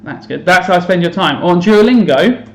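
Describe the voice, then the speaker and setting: A man's voice: high voice, expressive, a little fast, reverberant. A man chatting casually on a live stream while playing a game, self-mocking and thinking aloud to his viewers. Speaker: teacher streaming to students. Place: home room.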